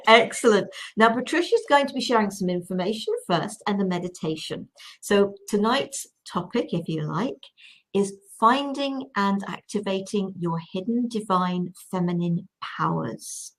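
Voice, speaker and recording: A woman's voice: mid-range voice, lively intonation, a little slow. Welcoming female show host. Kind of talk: presenting an online show.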